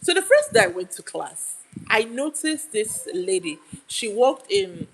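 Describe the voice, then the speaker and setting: A woman's voice: a little high, big pitch swings, a little slow, gravelly, a little hiss or hum, poor audio. Chatty Nigerian woman telling stories. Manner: chatty, laughing, rambling with restarts. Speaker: YouTube live streamer. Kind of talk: casual livestream storytelling.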